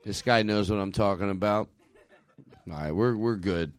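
A man's voice: on the low side, normal speed, no room sound. Profane, laughing male comedy host. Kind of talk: live stand-up banter on stage. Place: comedy club stage.

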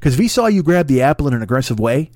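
A man's voice: medium pitch, big pitch swings, very fast, darkish tone, dry recording, studio quality. A man hosting a podcast, rambling through a comedic monologue full of profanity and jokey asides. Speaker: podcast host.

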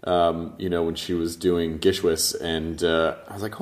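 A man hosting a podcast talks in a low voice that keeps jumping up with excitement. He stammers and restarts his sentences as the ideas tumble out. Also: moderate pace. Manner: enthusiastic, animated, stammering restarts. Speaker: podcast host. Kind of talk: casual interview chat.

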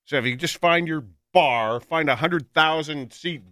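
A man's voice: on the high side, unhurried, a bit bright, no echo, clean studio sound. A man co-hosting a radio show, blunt and caustic, mocking people in casual banter.

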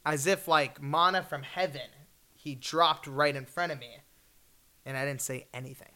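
A man in his twenties telling a story at a fireside chat, animated, acting out the people in it and laughing often. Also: on the high side, moderate pace. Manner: animated, acts out voices, laughs often, shouts in bursts.

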